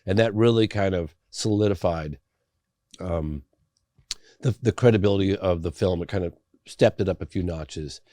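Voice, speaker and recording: A man's voice: sits low, normal speed, mellow, dry recording, studio quality. A middle-aged man from England, a documentary filmmaker telling his story in a casual interview, acting out the people he quotes. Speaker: documentary filmmaker, podcast guest.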